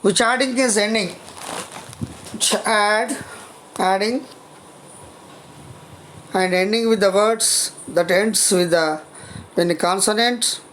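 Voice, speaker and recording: A college lecturer teaches a grammar lesson on spelling rules, speaking haltingly, restarting phrases, and spelling words out letter by letter. The voice is mid-range and a bit bright, with slight background noise.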